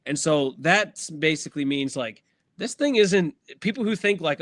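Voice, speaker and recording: A sports podcast co-host chats casually with the hiccups, rambling along through fillers, restarts and self-corrections. His fairly high, slightly bright voice is expressive and moves at a moderate pace, captured as clean studio sound without echo.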